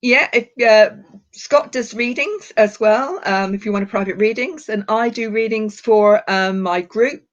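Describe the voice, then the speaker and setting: A woman's voice: fairly high pitch, unhurried. Older woman medium, endearments everywhere. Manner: affectionate, calls people darling and sweetheart. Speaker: psychic medium. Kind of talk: live-stream reading and chat. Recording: dull lo-fi live stream audio.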